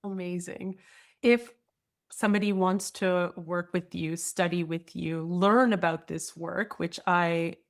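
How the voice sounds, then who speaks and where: Woman podcast host, all excited, laughs a lot, lowish voice. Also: slow pace. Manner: enthusiastic, laughs often. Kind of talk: interview conversation.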